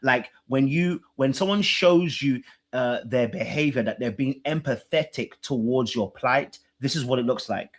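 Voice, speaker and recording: A man hosting a podcast, reacting to a dating show in casual, teasing commentary, swinging between loud excitement and hushed mimicry. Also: medium pitch, moderate pace, hardly any pauses. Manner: animated, teasing, laughs, mimics people in a hushed voice.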